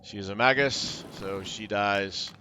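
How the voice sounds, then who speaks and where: A man's voice: lowish voice, measured pace, bright, forceful tone, a little hiss or hum. A man hosting a let's play video, reading game narration and making casual offhand remarks. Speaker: gaming channel host.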